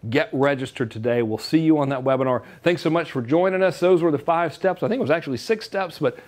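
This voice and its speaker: A man's voice: fairly high pitch, quick pace, a little hiss or hum. A man giving a joking, salesy marketing talk straight to camera. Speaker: online marketing presenter.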